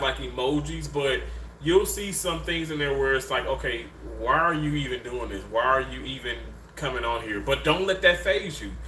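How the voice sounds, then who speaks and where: Reading his viewers' comments on a laid-back livestream, this thirty-something host swings between low, sincere tones and high, excited bursts, full of animation and emotion. He records on handheld mics indoors at home, in a room with a bed, where the sound echoes and a faint noise hums behind him.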